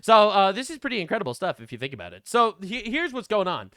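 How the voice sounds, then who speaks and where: A man giving sarcastic, mocking reaction commentary, swearing and swinging between loud outbursts and low asides. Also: big pitch swings, quick pace, clean tone, dry recording, clean studio sound.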